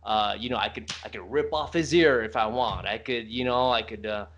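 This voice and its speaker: Man, podcast guest, mid-pitched voice, halting casual talk, lots of restarts. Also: fairly bright tone, muffled recording. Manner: hesitant, many fillers and restarts.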